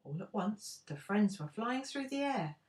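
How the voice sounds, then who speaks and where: An older woman, a grandmother, reading a storybook aloud in an expressive, unhurried way. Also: medium pitch.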